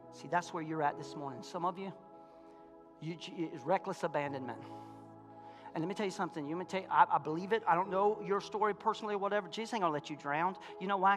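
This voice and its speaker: A man pastor preaching a sermon in a church, folksy, calling out to his congregation, swinging from loud fervor to quiet intensity. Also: on the high side, fast, over music. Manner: impassioned, rising to shouts and dropping to quiet. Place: church sanctuary.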